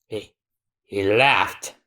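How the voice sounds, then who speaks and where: A man co-hosting a podcast, reading a manga aloud in a halting way, with many restarts. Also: on the low side, bright, forceful tone. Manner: halting, lots of restarts and fillers. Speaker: podcast co-host.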